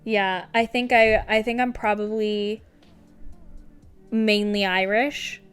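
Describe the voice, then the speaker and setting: Woman, podcast co-host, casual chat, filler-heavy, clear voice. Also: medium pitch, little pitch movement, takes it slowly, soft background music. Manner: chatty, laughs often, many "like" fillers.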